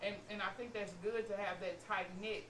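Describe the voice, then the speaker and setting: A woman's voice: medium pitch, fairly even intonation, a little fast, a bit bright. A woman chatting on a podcast as a mother, speaking emphatically and repeating her points. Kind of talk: casual chat. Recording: roomy, distant mic, noisy.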